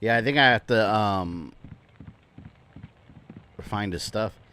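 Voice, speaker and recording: A man hosting a livestream and rambling in relaxed, chatty commentary while he plays a game. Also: on the low side, slow pace, a little hiss or hum. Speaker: livestream gamer host. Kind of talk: casual gameplay commentary.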